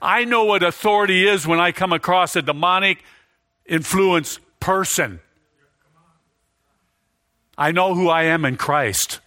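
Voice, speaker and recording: A male preacher delivering a sermon with a bright, forceful, slightly high voice. He repeats lines for stress and builds toward near shouts. The recording is close and dry. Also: unhurried, long pauses, no room sound.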